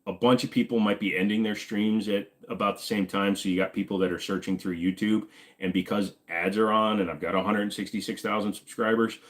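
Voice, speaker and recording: Low-voiced joking livestream host, a man. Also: steady tone, fairly quick. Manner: joking, sarcastic, with sudden high exclamations. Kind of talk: casual livestream chat, reading chat.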